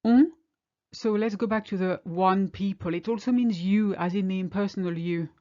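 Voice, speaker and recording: A woman with a French accent, a native French speaker, teaching an online lesson and explaining examples slowly and clearly. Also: medium pitch, dark tone, highs cut off.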